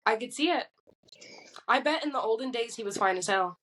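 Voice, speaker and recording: A woman's voice: a little high, animated, a little fast, a bit bright, poor audio. A young woman co-hosting a casual podcast chat, teasing and slangy, laughing often. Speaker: podcast co-host.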